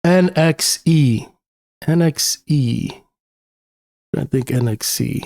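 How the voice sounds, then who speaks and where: A man's voice: fairly high pitch, slow pace, vocal fry, darkish tone, dry recording, clean studio sound. A young man with a New York accent talks casually through market charts as a technical analyst, thinking aloud with plenty of uhs and you-knows. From New York City. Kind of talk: screen-share chart analysis.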